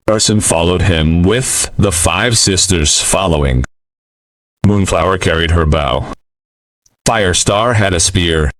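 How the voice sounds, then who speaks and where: A man narrating a western story in a measured way, with occasional fillers, on a close mic. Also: low voice, no echo, recorded from a distance.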